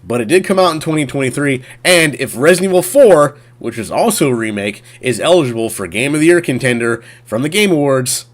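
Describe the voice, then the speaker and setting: A man's voice: mid-range voice, lively intonation, brisk, hardly any pauses. Rambling man chatting about games. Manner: rambling, full of fillers and restarts. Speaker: gaming streamer. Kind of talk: casual chat.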